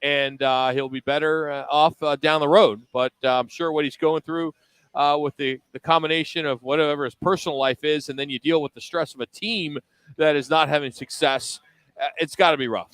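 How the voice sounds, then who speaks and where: A man's voice: on the high side, fairly even intonation, a little fast, fairly bright tone, clean tone, no echo, low-quality recording. A man hosting a live sports radio show, chatting upbeat and loose with plenty of fillers. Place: broadcast from a restaurant.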